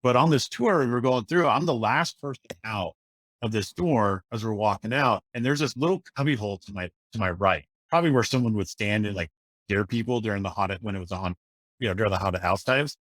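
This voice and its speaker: A man's voice: on the low side, a little fast, no room sound. A man, a paranormal investigator, telling an anecdote in casual podcast chat. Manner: relaxed anecdotal storytelling.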